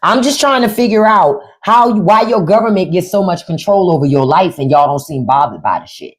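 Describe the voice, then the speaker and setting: On an unscripted livestream, a woman with a lowish, animated voice talks a little fast to her viewers. She's blunt and profane, repeats lines for emphasis, and turns sarcastic.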